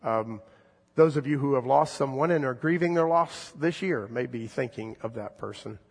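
A man in his fifties, a pastor giving an earnest, gentle sermon with slow, drawn-out emphasis and a husky voice. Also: medium pitch, in a large hall.

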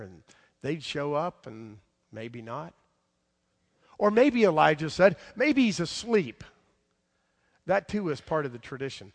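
A man with a fairly high-pitched voice preaches a sermon, retelling a story with animated swings between loud emphasis and soft asides.

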